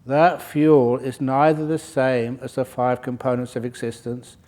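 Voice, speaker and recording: Joking monk giving a Dharma talk. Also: male voice, mid-range voice, unhurried. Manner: relaxed, joking and digressive, with laughter. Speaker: Buddhist monk teaching a retreat class. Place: retreat centre hall.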